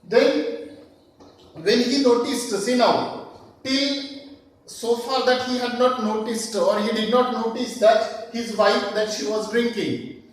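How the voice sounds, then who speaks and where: Slow, high-voiced Indian English teacher. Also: male voice. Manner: explains slowly, repeats and asks himself questions. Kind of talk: recorded class lecture. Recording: echoey room, voice from a distance.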